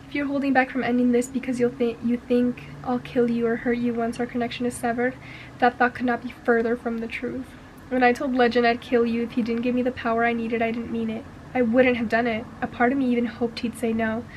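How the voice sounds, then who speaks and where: A woman's voice: fairly high pitch, little pitch movement, fairly quick, a little mellow, a little hiss or hum, close to an everyday voice. A woman reading as a brooding young villain. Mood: earnest. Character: brooding young male villain confessing love.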